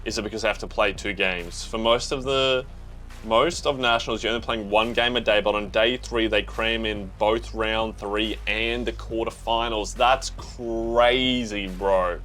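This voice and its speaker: Excitable young Australian guy reacting. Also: fairly low pitch, a little slow, soft background music. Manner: excitable, slangy, talks to himself and the viewer. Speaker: manga reaction host. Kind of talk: casual reaction commentary.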